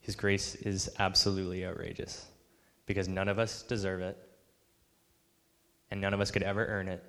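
A man's voice: sits low, little pitch movement, moderate pace, pauses often, bright, forceful tone, long reverb tail. A man preaching a sermon, earnest, acting out the voices of the people he quotes. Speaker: pastor.

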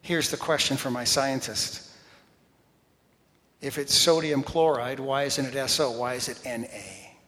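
A man preaching a sermon, telling animated stories, talking straight to the congregation and dropping to a whisper for emphasis. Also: medium pitch, unhurried. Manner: animated storytelling, talks to the congregation directly. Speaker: pastor. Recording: long reverb in a large hall.

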